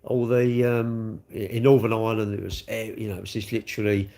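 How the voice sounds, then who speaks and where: A man's voice: on the low side, little pitch movement, fairly quick, vocal fry, dark tone. A middle-aged man, chatting loosely on a livestream and talking straight to his viewers. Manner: rambling, talks straight to viewers. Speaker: livestream host. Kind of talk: casual chat.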